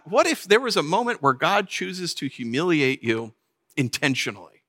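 A man preaching a sermon, telling a funny personal story with lively, animated delivery. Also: a little high, normal speed. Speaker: pastor.

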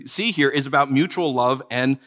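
A man's voice: mid-range voice, normal speed, a bit bright. A man preaching a sermon as pastor, conversational and joking, acting out small stories. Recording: long hall reverb.

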